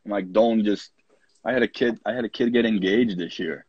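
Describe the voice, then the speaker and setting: A man in his thirties from Poland tells stories from his coaching days in a casual interview, acting out what he said with plenty of fillers. His voice sits low and a little husky. The sound is dry and somewhat muffled. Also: brisk, dry recording. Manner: animated anecdotes, acts out his own quoted lines, many fillers. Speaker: college soccer coach, podcast guest.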